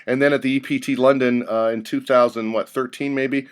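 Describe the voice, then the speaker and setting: A man's voice: mid-range voice, fairly even intonation, a little fast, clean tone. A man hosting an interview, asking questions and telling anecdotes in a conversational way. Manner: conversational, storytelling. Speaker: interviewer host.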